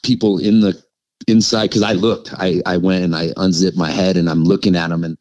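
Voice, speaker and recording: A middle-aged man with a very deep voice tells his story as a podcast guest. He talks in a loose, animated way, stacking fillers and chuckling now and then, and the sound is close and dry. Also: fairly quick, no echo, rough recording. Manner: animated, filler-heavy with frequent likes and laughs. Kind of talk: casual storytelling.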